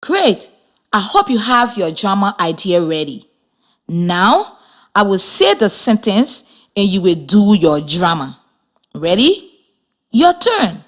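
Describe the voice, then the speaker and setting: Slow, lively-voiced woman teacher. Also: mid-range voice. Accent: Liberian. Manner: slow, clear, encouraging classroom delivery. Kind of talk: radio reading lesson for children.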